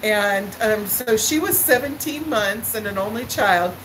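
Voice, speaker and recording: A woman's voice: medium pitch, animated, background noise. A middle-aged woman hosting a live stream, telling rambling stories with fillers and answering viewer comments. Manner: slow, rambling storytelling with fillers and laughs; chats back to viewer comments. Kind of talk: casual chat to live viewers.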